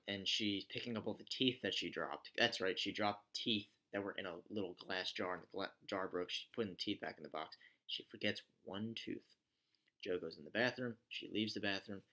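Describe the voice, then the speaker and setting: A man's voice: deep voice, normal speed, bright, forceful tone. A man recapping a TV show in a casual, rambling way, with sarcastic asides. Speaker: TV show reviewer.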